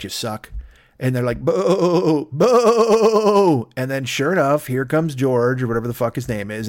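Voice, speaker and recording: A man spins a fable into a loose, profane comic ramble, with the dry, close sound of a podcast mic. His voice sits at an everyday middle pitch. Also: no room sound. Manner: rambling, profane, mock-grumbling retelling of a fable. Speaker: podcast host. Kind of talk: comic storytelling.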